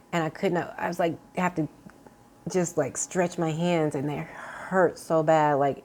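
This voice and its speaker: A woman talking earnestly to her viewers in an unscripted personal vlog, halting, with many fillers and restarts. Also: on the low side, darkish tone. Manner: earnest, confiding tone. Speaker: vlogger sharing a health update.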